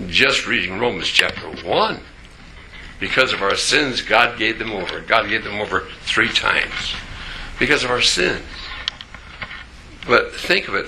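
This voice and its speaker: An older man preaching slowly, dwelling on single words with dramatic pauses. His voice is bright and gravelly, rising and falling widely. Faint noise sits behind him. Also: fairly low pitch. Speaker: pastor. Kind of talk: sermon.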